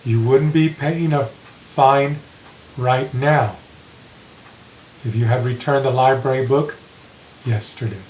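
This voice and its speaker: A man teaching an English grammar lesson, reading example sentences slowly and repeating them with care. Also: medium pitch, fairly even intonation, darkish tone. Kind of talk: slow classroom grammar lesson. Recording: echoey room with faint hiss.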